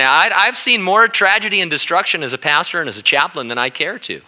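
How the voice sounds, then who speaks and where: Older man preaching in a bright voice. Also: high voice, expressive, a little fast, hardly any pauses. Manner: earnest, conversational preaching with frequent restarts. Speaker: pastor. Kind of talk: sermon.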